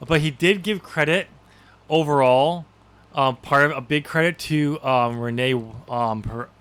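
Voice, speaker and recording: A man's voice: on the high side, measured pace, fairly bright tone, clean tone. A man co-hosting a podcast in casual chat, rambling with lots of ums and easy laughs. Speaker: podcast co-host.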